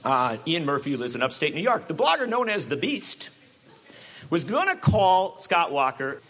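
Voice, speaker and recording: Guy giving a talk, sarcastic and animated, bright tense voice, pitch all over. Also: normal speed. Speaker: speaker. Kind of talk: public talk to an audience.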